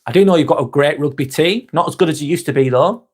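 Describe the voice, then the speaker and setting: A man's voice: fairly high pitch, fast, slightly rough. A man with a Lancashire accent hosting a casual live vlog, talking bluntly, swearing freely and calling people mate. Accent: Lancashire English. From North West England. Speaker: live vlog host reading chat. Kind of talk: casual live-stream chat.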